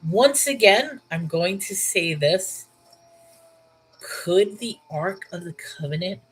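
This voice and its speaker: A woman's voice: medium pitch, a bit bright, slight background noise, low-quality recording. A congested woman hosting a Bible reading show, reading scripture and then musing aloud about it in an earnest, questioning way. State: congested, stuffy-nosed. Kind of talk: scripture reading with casual commentary.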